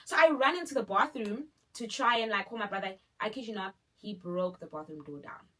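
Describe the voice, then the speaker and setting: A young woman, telling a dramatic personal story in a casual, animated way full of fillers. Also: medium pitch, brisk. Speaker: vlogger.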